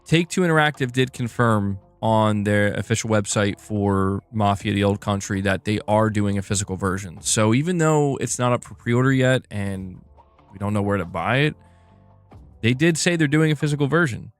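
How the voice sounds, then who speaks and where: A man's voice: lowish voice, normal speed, clear, resonant tone, faint music behind. A man hosting a casual live stream about video game news, chatting loosely and reacting to his chat with frequent laughs.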